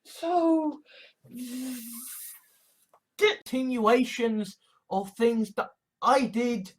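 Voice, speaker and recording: High-voiced woman ranting casually. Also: unhurried. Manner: profane, animated, acts out quoted reactions. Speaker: host.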